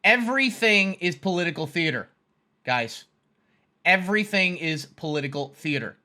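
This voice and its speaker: Male host, blunt casual ranter, high sharp voice. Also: lively intonation, normal speed. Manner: blunt, swearing, repeats himself. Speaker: stock trading streamer. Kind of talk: casual rant.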